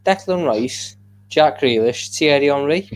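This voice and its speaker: A man's voice: on the high side, animated, measured pace. A man co-hosting a casual football chat, joking and bantering with the others. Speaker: co-host.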